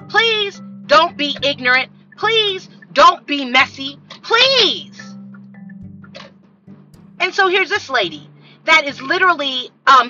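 A woman hosts a podcast in a blunt, profane monologue full of animated storytelling. Her voice is sharp and very bright. The recording is dull and lo-fi, with faint music underneath. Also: high voice. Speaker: podcast host.

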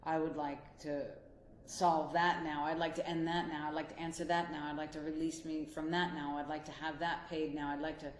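A woman's voice: deep voice, level tone, moderate pace, reverberant, slight background noise. A woman who works as a life coach and couples therapist, giving a motivational talk and speaking straight to the listener in an earnest, encouraging way. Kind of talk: motivational monologue.

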